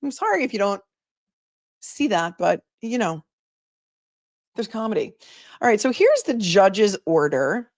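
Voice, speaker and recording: A woman attorney hosting a casual livestream, telling stories in a chatty, animated way and talking to her chat. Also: medium pitch, a little slow, pauses often, dry recording, clean studio sound. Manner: chatty, animated storytelling, reads chat aloud.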